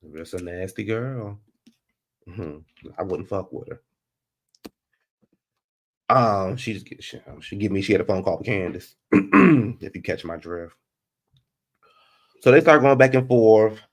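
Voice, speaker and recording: In an unhurried low voice that pauses often, a man offers a casual recap of a reality TV episode. His delivery is sassy and animated, bouncing between loud outbursts and asides muttered under his breath.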